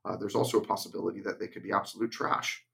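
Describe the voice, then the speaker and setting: A young man with a low, gravelly voice, talking casually as a podcast co-host. He is blunt and emphatic, and when he acts out cockpit instructions he drops into a flat, steady monotone. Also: quick pace.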